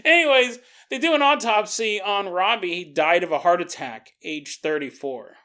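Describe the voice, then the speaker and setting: A man's voice: sits high, animated, normal speed, bright, forceful tone. A man hosting a podcast, retelling a story casually with joking asides and chuckling tangents. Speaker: podcast host.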